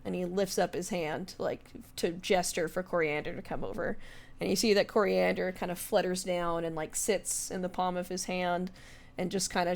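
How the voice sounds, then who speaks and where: A woman's voice: lowish voice, creaky. A woman narrating as game master in a tabletop game, loosely and with many fillers.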